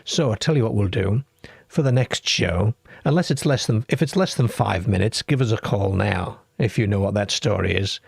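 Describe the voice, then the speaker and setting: A man from the UK hosts a late-night call-in radio show. His voice sits low, with a gravelly, husky grain. He talks in a chatty way and reads listener comments aloud, recorded dry and close to the mic. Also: moderate pace, dry recording. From United Kingdom.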